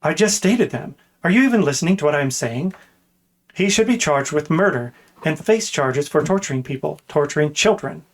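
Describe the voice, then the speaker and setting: A man's voice: on the high side, lively intonation, normal speed. A man reading aloud voices an indignant young princess-elect, speaking in a raised, demanding, exasperated way.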